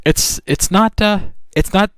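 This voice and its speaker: A man's voice: sits high, measured pace, smooth, no echo. A man vlogging about motorcycles in a casual, rambling chat with lots of restarts. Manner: rambling, with many restarts and fillers. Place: riding or parked outdoors on a motorcycle.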